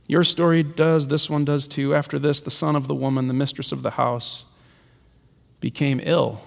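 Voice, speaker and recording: A male pastor preaching a sermon with rhythmic repetition, swinging between soaring lines and hushed ones. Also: a little high, level tone, moderate pace, creaky. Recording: long reverb of a large hall.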